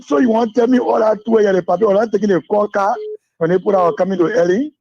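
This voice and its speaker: A man's voice: high-pitched, fairly even intonation, fast, creaky, a little mellow. A man with a Liberian accent calling a radio show by phone, joking and laughing with the host. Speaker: caller. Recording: dull phone line.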